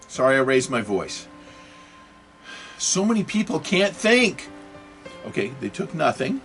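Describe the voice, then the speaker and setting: A man with a mid-range, fairly bright voice hosts his own video, speaking in an unhurried, sing-song way and pausing often. His unscripted monologue on politics and religion meanders, packed with rhetorical questions, fillers and moments where he corrects himself. Faint music plays behind him.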